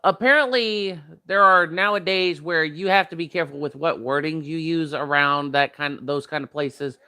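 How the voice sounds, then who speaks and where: A man's voice: on the high side, normal speed, bright, forceful tone, clear, resonant tone. A young man chatting casually while tasting snacks, rambling with many fillers and talking with his mouth full. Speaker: vlogger.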